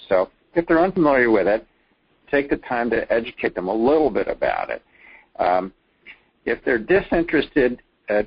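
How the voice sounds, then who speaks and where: A man's voice: low-pitched, slightly rough, no echo. A man giving a plainspoken presentation on talking with lawmakers, with folksy asides and frequent "uh" fillers. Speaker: advocacy trainer. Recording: dull lo-fi sound.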